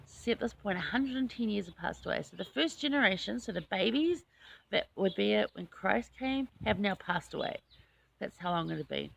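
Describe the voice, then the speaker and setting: A woman talks through scripture in a relaxed, chatty way. Her voice is heavily gravelly and husky, with a mid-range pitch. She talks with eager enthusiasm and folds personal asides into the study. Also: moderate pace. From New Zealand. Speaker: host. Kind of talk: casual scripture study chat.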